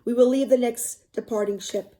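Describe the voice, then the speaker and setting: A woman reading the lines of a gravely wounded male colonial captain from a storybook, in a plain read-aloud delivery. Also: on the high side, fairly even intonation, moderate pace, dark tone, natural voice. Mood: solemn.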